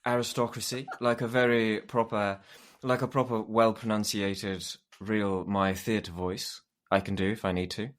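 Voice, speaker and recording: A man co-hosting a podcast, telling stories in a relaxed, laid-back way. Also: lowish voice, moderate pace. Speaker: podcast co-host. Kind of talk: casual chat.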